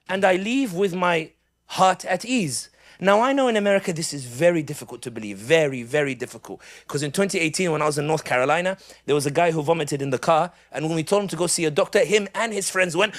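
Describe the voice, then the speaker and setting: A middle-aged man gives a live public speech as an animated storyteller with comic asides. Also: on the high side, quick pace. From United Kingdom. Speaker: public speaker.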